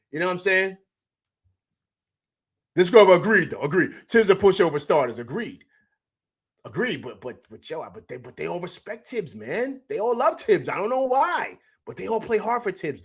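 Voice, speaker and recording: A man hosts a live sports reaction stream in a loose, chatty way. His voice sits a bit high for a man, and he repeats himself and laughs a lot. He stops now and then to read viewer comments aloud. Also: fairly bright tone. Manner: reads out chat comments. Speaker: sports talk show host.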